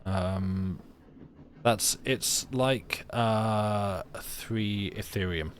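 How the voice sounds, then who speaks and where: A young man talks over a narrative game in a loose, rambling way. He jokes and restarts his sentences, in a slightly low voice. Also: extremely slow, a little hiss or hum. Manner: rambling, joking, many restarts. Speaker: streamer. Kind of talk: casual game commentary.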